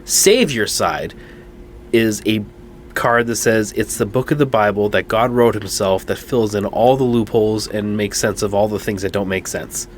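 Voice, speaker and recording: Low-voiced man telling stories casually. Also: a little hiss or hum. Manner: earnest storyteller, halting restarts, laughs at himself. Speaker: podcast guest. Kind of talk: casual chat.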